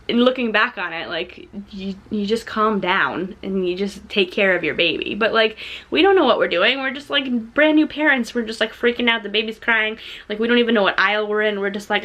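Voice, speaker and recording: A young woman telling a storytime vlog story in an animated, chatty way, with many "like"s. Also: medium pitch, moderate pace. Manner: animated, chatty, says "like" often; laughs while telling the story. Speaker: vlogger.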